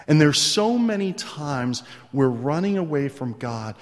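A man preaching a sermon as pastor, moving between hushed asides and loud, stretched-out emphasis. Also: fairly high pitch, very animated, measured pace, hardly any pauses. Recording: long reverb in a large hall.

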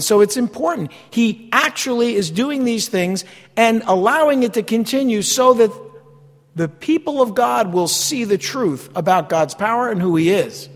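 A man with a high voice delivers a sermon as a pastor. He keeps it conversational and often turns rhetorical questions on his listeners. His voice rings out with a long reverb, as in a large hall.

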